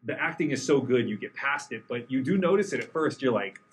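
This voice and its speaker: A man's voice: mid-range voice, animated, a little fast, slight background noise, low-quality recording. A man co-hosting a podcast in casual chat, enthusiastic and joking. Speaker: podcast co-host. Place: studio in Los Angeles.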